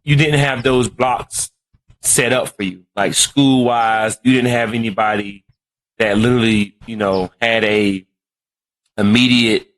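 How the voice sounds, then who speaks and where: A man's voice: medium pitch, fairly even intonation, a little slow, a bit bright, low-quality recording. A man hosting a podcast, casually asking his father questions in a loose, rambling way. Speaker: podcast host, the guest's son. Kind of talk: casual conversation.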